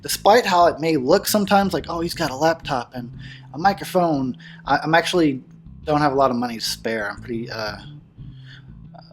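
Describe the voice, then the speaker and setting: A man's voice: a little high, lively intonation, a little fast, faint music behind. A man hosting his own video channel, chatting casually in a loose, profane, self-mocking way. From United States. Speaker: horror channel host. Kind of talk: casual vlog chat.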